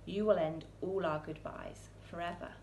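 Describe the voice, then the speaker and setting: A woman's voice: fairly low pitch, fairly even intonation, moderate pace, background noise, lightly acted. A woman voicing a grieving woman who earnestly pleads in a storybook reading, heard in a roomy church. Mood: pleading.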